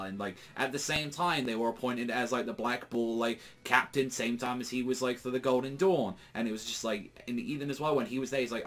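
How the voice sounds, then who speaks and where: A man's voice: medium pitch, fast talker, hardly any pauses. Rambling man recapping an anime episode. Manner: rambling, heavy filler words, excitable. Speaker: anime reviewer.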